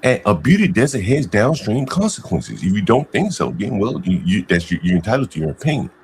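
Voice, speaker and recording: A man's voice: fairly low pitch, very animated, fairly quick, slight background noise. A man in a heated online voice-chat argument, hurling insults and often repeating himself and restarting his sentences. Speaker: panel guest in an online voice-chat debate.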